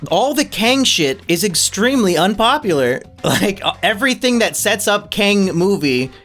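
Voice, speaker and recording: A man's voice: high voice, big pitch swings, moderate pace, a bit bright, soft background music. A man co-hosting a casual movie podcast, blunt and crude, talking with strong opinions. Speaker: podcast co-host.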